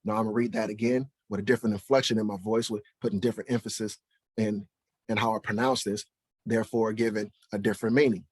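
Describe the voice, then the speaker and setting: Husky-voiced man preaching with rhetorical questions. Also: on the low side, steady tone, fairly quick, no echo. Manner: emphatic, fires rhetorical questions, keeps asking "right?". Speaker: Bible teacher. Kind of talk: preaching to camera.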